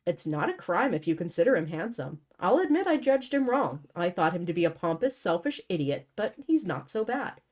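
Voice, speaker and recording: A calm, earnest young princess who speaks in a measured, thoughtful way, as a woman reads her lines aloud. The voice sits slightly low and stays composed. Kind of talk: reading dialogue aloud.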